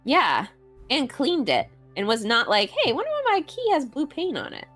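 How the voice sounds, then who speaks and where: A woman's voice: high-pitched, huge pitch swings, moderate pace, a bit bright, faint music behind. A woman casually chatting and joking while playing a video game, giggly and playful. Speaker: game streamer. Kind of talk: casual chat over gameplay.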